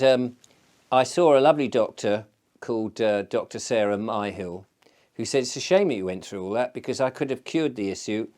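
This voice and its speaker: Male host, relaxed and digressive, chats like he's spinning yarns to friends. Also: medium pitch. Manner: digressive storyteller, chatty with many fillers. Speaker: channel host. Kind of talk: casual rambling vlog chat.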